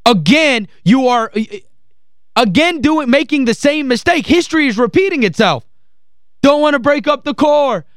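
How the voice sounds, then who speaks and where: High-voiced ranting sports radio man. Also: lively intonation, normal speed, no room sound, clean studio sound. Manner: heated, exasperated, emphatic ranting; repeats phrases for emphasis. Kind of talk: call-in sports talk rant. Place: radio studio.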